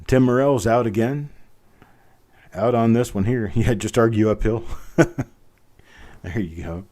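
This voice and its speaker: A middle-aged man hosting a live online coin auction, chatty and joking, calling out bids in a steady, repeating rhythm. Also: mid-range voice, a little slow, pauses often. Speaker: auctioneer host.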